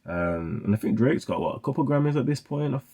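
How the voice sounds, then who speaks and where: A man's voice: mid-range voice, lively intonation, fast talker, dark tone, slightly rough. A young man giving casual, rambling commentary on songs he is reacting to, full of "like" fillers. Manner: rambling, heavy use of "like" fillers. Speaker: music reaction host.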